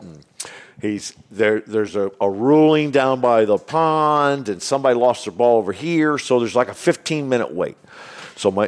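A man in his sixties telling golf stories in casual chat, acting out the voices of the people in them and laughing often. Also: on the low side. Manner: animated, acts out voices in anecdotes, laughs often. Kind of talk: casual storytelling.

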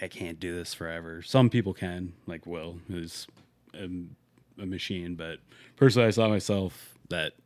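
A young man who works as a tandem skydiving instructor, chatting casually in a relaxed, halting way and laughing easily. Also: deep voice, no echo. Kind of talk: casual podcast chat.

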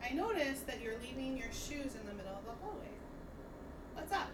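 A woman's voice: high-pitched, very animated, a little fast. A woman and mother chatting casually, earnestly explaining parenting methods to friends. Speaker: podcast co-host, mother. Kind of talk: casual chat. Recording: echoey room, mic at a distance, noisy.

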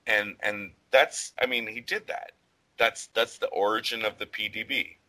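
A man's voice: fairly low pitch, normal speed, bright, forceful tone, low-quality recording. A man co-hosting a podcast, chatting casually about a movie and its history, rambling with lots of "like" fillers and some swearing. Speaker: podcast co-host.

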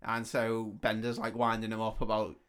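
A man's voice: on the low side, monotone, fairly bright tone, clear, resonant tone. Laughing, swearing man recapping a film. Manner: swearing, laughing, acting out film lines in quick impressions. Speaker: podcast co-host. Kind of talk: casual film-recap chat.

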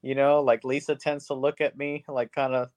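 A man co-hosting a podcast, talking casually in a halting, self-deprecating way with frequent giggles. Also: medium pitch, flat delivery, darkish tone, no room sound. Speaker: podcast co-host. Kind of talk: casual chat.

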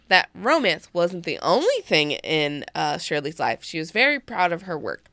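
A woman's voice: fairly low pitch, a bit bright, dry recording, studio quality. A woman hosting a casual chat, reading an article aloud and often breaking off to joke and ramble. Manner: rambling, self-interrupting, giggly. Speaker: podcast host.

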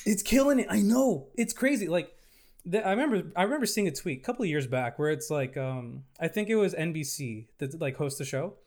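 A man chatting as a podcast guest, animated and casually swearing. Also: fairly high pitch, fairly quick. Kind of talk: casual chat.

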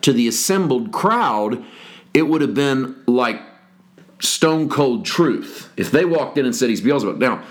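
A man's voice: mid-range voice, expressive. A man hosting a Bible study podcast, explaining scripture in a wry, explanatory way. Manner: explanatory, wry, slow and deliberate. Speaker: podcast host teaching scripture.

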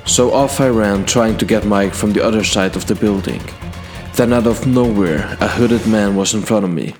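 A man telling a fantasy adventure in character, recounting past deeds to a king in a measured, earnest first-person way. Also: on the low side, steady tone, darkish tone, soft background music. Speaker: storyteller.

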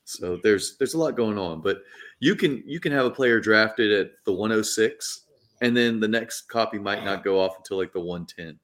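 A man with a low-pitched voice co-hosting a casual podcast. He explains things in a methodical, detailed way, laying out each step in plain terms. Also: normal speed, fairly bright tone. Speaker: podcast co-host.

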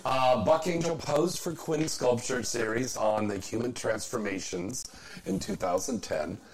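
A man's voice: medium pitch, a little slow, a loud crowd, poor audio. A man hosting a casual chat, reading trivia aloud and cracking crude jokes. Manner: joking, crude, animated.

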